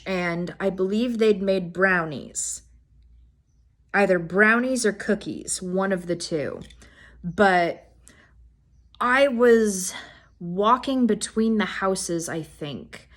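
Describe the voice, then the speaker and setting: A young woman vlogger telling funny stories in a casual, animated way, swearing freely and laughing as she goes. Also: mid-range voice. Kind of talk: casual storytime.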